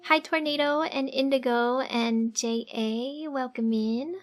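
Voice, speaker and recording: High soft-voiced girl streaming, slow and halting, lots of ums and giggles while drawing. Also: steady tone, faint music behind. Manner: soft-spoken, halting, giggly, many fillers. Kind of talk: casual live-stream chat. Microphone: desk microphone.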